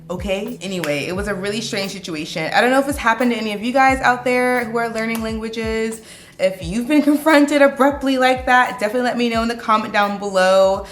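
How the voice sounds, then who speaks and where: A woman vlogging casually to camera, telling stories in a chatty, expressive way. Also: fairly high pitch, moderate pace, reverberant, faint music behind. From United States.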